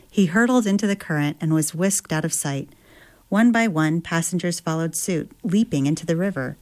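A woman who writes memoir and travel pieces reads from her memoir, then reflects on it, often pausing to find words amid many fillers and restarts. Her voice is fairly low and a little mellow.

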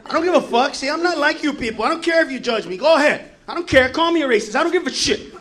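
A man doing stand-up comedy, brash and profane, shouting his punchlines. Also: very high voice, expressive, fast talker.

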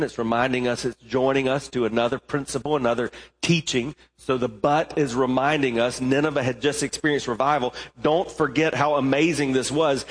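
A male pastor preaching a sermon, emphatic, rising to fervent stretches and slowing down for weighty points. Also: medium pitch. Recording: long reverb of a large hall.

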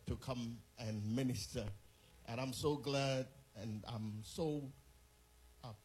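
A visiting bishop from overseas leads a sermon and prayer, his fervent, rhythmic delivery built on repeated phrases. He has a medium-pitched, darkish voice.

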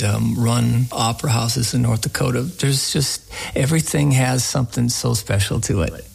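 A man with a gravelly, creaky voice recounts anecdotes from his radio folk program. His telling is folksy and rambling, the easy talk of a host being interviewed about his work. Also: medium pitch, low-quality recording.

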